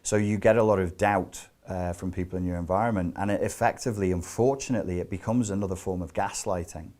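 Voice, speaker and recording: Low-voiced man lecturing emphatically. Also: fairly even intonation, quick pace, a little mellow. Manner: emphatic, explanatory, with rhetorical questions; loose and conversational with fillers and asides. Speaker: self-help teacher. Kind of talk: spoken lecture.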